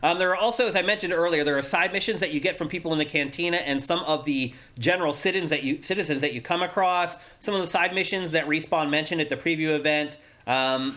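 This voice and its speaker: A man's voice: on the high side, fairly bright tone. A man hosting a casual gaming podcast, eagerly walking through game features. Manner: enthusiastic, explanatory, runs through game features. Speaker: podcast host. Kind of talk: casual chat.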